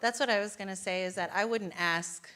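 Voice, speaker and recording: A woman in a church discussion group, reflecting in a measured way on how she would respond. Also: medium pitch, sharp tone, clean tone. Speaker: class participant.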